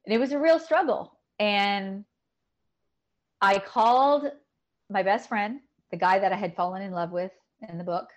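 A middle-aged woman telling a painful personal story in a podcast conversation, emotional and halting, often repeating words. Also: medium pitch, lo-fi sound. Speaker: podcast guest.

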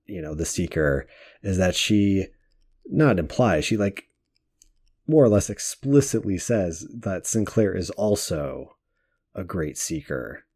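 A man's voice: deep voice, big pitch swings, takes it slowly, a little mellow, slightly rough. A man co-hosting a podcast in casual chat, joking and chatty and laughing often as he talks. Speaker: podcast co-host.

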